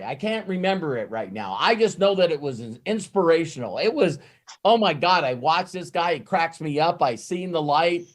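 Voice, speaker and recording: Lively, swearing man rambling on. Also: a little high. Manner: rambling and animated, swears freely; frequent restarts and self-interruptions. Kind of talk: off-the-cuff motivational talk.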